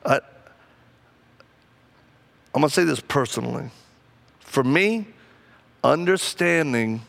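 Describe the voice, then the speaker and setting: Gravelly, animated male preacher. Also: medium pitch, slow pace, pauses often. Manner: animated, acts out quoted people, laughs often. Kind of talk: sermon with personal storytelling.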